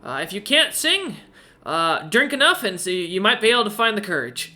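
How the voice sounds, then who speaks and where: A man's voice: high voice, sing-song, moderate pace, pushed and bright, pitched above the performer's own voice, exaggerated voice. A man voicing a cheerful, fussy little owl-like innkeeper with a chirpy, eager-to-please manner. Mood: welcoming.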